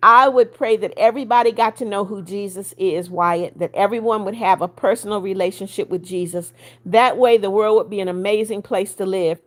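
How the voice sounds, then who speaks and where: A woman's voice: medium pitch, fairly quick. A woman in her seventies hosting a casual livestream, greeting viewers by name and reading their comments aloud, blunt when she scolds. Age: 70s. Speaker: livestream host.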